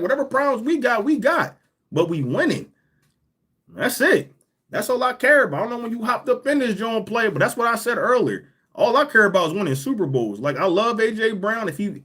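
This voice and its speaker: A man with a husky voice hosts a casual live podcast. His pitch swings widely as he talks, repeating words while he pushes back at comments from the chat. He sits in the middle-high range for a man. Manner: animated, repeats himself, answers chat comments. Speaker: podcast host.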